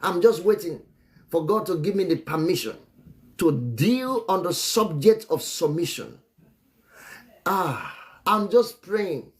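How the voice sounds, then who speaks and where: A man's voice: high voice, lively intonation, a little slow, long pauses. A man teaching about marriage on a live stream in a preachy way. He repeats phrases and chuckles often between remarks. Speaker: relationship teacher and author.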